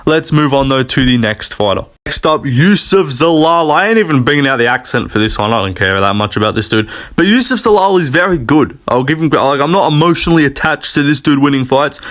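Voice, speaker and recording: A man's voice: mid-range voice, a bit bright. A young man hosting a video, giving casual off-the-cuff commentary in a rambling, profane, hyped-up way. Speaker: video host.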